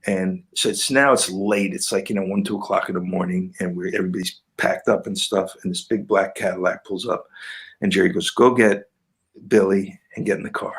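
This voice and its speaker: A man's voice: low voice, brisk. An older man, a guitarist guest, telling anecdotes in a casual interview and acting out the people he quotes. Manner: animated anecdote-telling, quoting people in lively voices.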